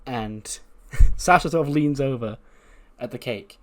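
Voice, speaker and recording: A man's voice: mid-range voice, a little slow. A man narrating a wrestling-management game playthrough in a loose, rambling way. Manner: loose, rambling, many "like"s and restarts. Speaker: let's-play creator.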